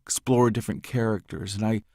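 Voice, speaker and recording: A man, an audiobook narrator, answering interview questions in a measured, explanatory way, recorded in a home closet sound booth. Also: on the low side, fairly even intonation, darkish tone, no echo. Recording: dead dry home booth.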